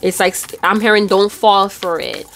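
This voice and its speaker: A woman's voice: medium pitch, lively intonation, normal speed, gravelly, a bit bright. A woman giving a casual tarot reading, chatty and loose, with casual swearing. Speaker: tarot reader.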